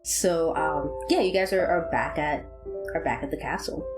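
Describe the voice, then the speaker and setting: A woman narrating as game master in a tabletop game, relaxed and quick to laugh. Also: low voice, music in the background, low-quality recording.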